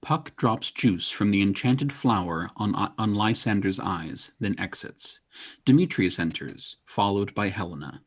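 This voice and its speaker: A narrator calmly reading stage directions in a community theatre reading. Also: sits low, a little slow, slightly rough. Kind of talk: plain read stage directions.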